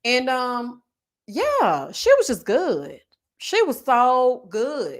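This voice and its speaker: A young woman tells a story with sass and drama. Her pitch is fairly high and swings widely, rising and falling with each point she makes. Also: huge pitch swings, drawn-out words. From Houston, Texas. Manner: sassy, dramatic, acts out quoted voices. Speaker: commentary channel host. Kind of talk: storytelling chat.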